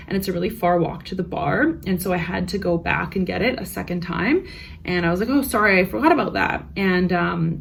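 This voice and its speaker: A woman's voice: medium pitch, gravelly, a little hiss or hum. A young woman vlogger telling work stories in a frank, profane, ranting way, casual storytime.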